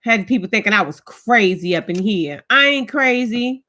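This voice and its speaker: A female vlogger on a home live stream chats with viewers, tells stories, and names commenters as she greets them. Her mid-range voice is bright and forceful, with lively intonation at a normal speed.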